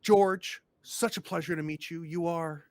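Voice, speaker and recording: A man's voice: a little high, steady tone, unhurried, darkish tone, dry recording, natural voice. A man doing a stammering, gushing small-town mayor. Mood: effusive. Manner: stammering, effusive, nervously overeager.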